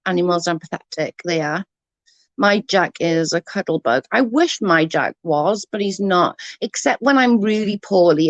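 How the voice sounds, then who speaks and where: A woman's voice: fairly low pitch, no echo, dull audio. A woman chatting casually on a livestream, rambling and swearing freely while answering comments. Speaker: livestream host.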